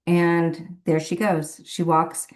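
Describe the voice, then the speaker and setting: Woman, medium, casual storytelling, rambling and chatty, lowish voice. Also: little pitch movement, slow pace. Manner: rambling, chatty, laughs often between phrases. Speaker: professional medium.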